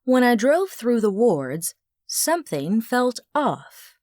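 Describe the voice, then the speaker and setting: A woman narrating a first-person audiobook with an expressive, wry storytelling manner. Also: on the high side, slow, no echo, studio quality.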